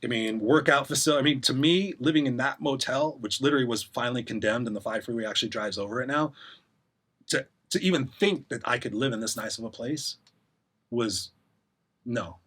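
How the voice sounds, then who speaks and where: A man's voice: mid-range voice, brisk, fairly bright tone, husky. A middle-aged man, a podcast guest, candidly telling his story in casual interview talk and acting out the voices he quotes.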